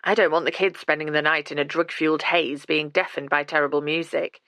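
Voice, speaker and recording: A woman's voice: low-pitched, fairly even intonation, a little fast, fairly bright tone, dry recording. A woman voicing a protective widowed father who talks with awkward earnestness, as a storybook character.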